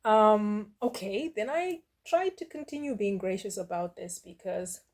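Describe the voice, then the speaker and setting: A middle-aged woman dishing out casual reaction commentary. She is blunt and sassy, with a mocking edge and dismissive asides, and her voice sits at an ordinary pitch for a woman. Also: animated, measured pace, a little mellow. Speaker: reaction video host.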